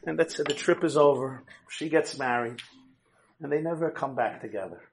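Giving a talk to a live audience, a man with a mid-range voice and vocal fry speaks at normal speed over a little hiss or hum. He's an animated storyteller, acting out the characters in quoted voices and joking with the crowd.

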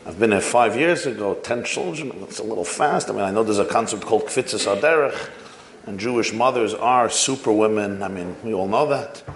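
A man's voice: fairly low pitch, fairly quick, reverberant, slight background noise, lightly acted. A man voicing a visiting rabbi who reacts with dry disbelief. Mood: incredulous. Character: puzzled visiting rabbi, wry.

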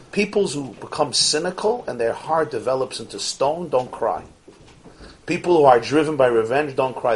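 A man teaching a Torah class, animated, posing rhetorical questions and swinging from soft asides to emphatic peaks. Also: medium pitch. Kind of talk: Torah lecture to an audience.

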